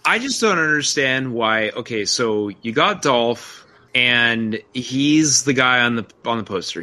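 Bright-voiced man ranting about a film. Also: medium pitch. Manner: animated, incredulous, rambling with restarts. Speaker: podcast co-host. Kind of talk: casual film review chat.

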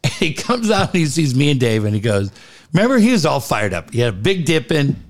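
A man's voice: medium pitch, fairly quick. A man hosting a casual talk show, telling a story full of swearing and acted-out quotes. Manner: profane storytelling, animated quoted voices. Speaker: host. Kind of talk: casual chat.

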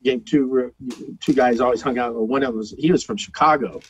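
A man's voice: medium pitch, brisk, breathy edge, rough recording. A middle-aged man from Texas, a volleyball coach, telling stories in a casual podcast chat and laughing often. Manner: storytelling, laughs often, mimics people in quotes.

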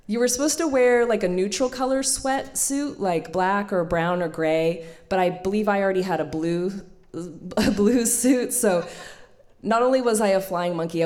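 Low-voiced woman telling a story on stage. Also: a little mellow. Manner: chatty, laughing, many fillers. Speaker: storytelling event host and storyteller. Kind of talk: personal story told live to an audience. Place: live storytelling stage before an audience.

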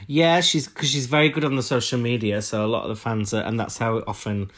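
A man's voice: medium pitch, steady tone, brisk, a bit bright. A man co-hosting a podcast in casual chat, rambling with fillers. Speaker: podcast co-host.

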